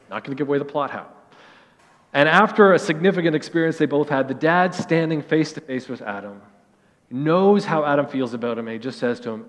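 Pastor preaching in a reverberant hall. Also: male voice, mid-range voice. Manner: earnest storytelling, drops soft at key phrases. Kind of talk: sermon.

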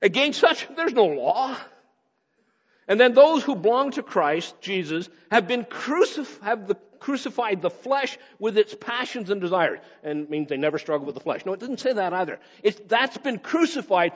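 Animated preaching man in a reverberant hall. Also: high-pitched. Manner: animated preaching, rising on emphasis and dropping to quick asides. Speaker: pastor. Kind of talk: sermon. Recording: dull sound with long hall reverb.

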